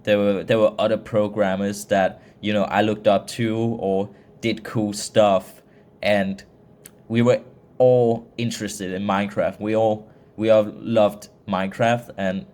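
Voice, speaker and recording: A young Danish man speaks English with a mixed British-Australian accent, his voice sitting a little low. He talks at an unhurried, slow pace, rambling and restarting his sentences as he chats to camera. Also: flat delivery, darkish tone. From Denmark. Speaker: vlogger. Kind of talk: casual monologue to camera.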